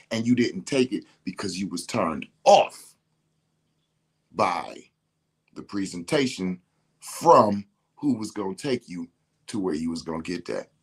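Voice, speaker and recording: A man's voice: fairly low pitch, sharp tone, breathy edge. Slangy man on a rant. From Detroit. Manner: emphatic, slangy, repeats himself. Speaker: podcast host. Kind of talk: casual spiritual rant.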